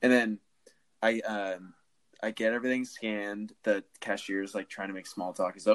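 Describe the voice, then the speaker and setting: A man in his early twenties, chatting casually on a podcast and telling lively stories. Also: lowish voice, moderate pace. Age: 20s. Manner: animated storyteller who acts out the people he quotes. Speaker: podcast co-host.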